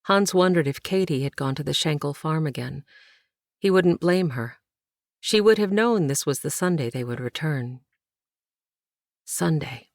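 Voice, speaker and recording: A woman narrates a historical novel with measured, even storytelling. Her voice sits low for a woman. The recording is dry and close, with no room sound. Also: no echo. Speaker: audiobook narrator. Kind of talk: scripted narration.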